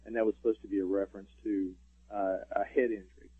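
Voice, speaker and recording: A man's voice: on the low side, flat delivery, quick pace, breathy edge, no echo. A man, a radio show guest, telling stories in casual interview talk with lots of fillers. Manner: rambling storyteller, many fillers. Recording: tinny phone line.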